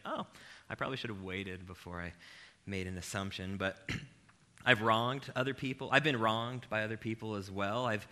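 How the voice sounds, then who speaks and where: Male preacher, bright ringing tone, jokey and self-mocking, talks right to the crowd. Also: fairly low pitch. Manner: animated, self-deprecating, addresses the crowd directly. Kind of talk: humorous conversational sermon.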